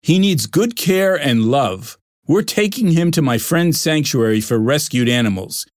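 Narrator doing a gentle old grandfather, reassuring, lively pitch, dry close sound, audiobook. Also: measured pace, no room sound, lightly acted. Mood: kind. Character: kind caring grandfather. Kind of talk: audiobook reading.

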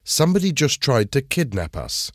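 A man's voice: mid-range voice, sing-song, normal speed, no echo, studio quality, pitched above the performer's own voice. A man voicing a resourceful teenage schoolboy who speaks with earnest urgency.

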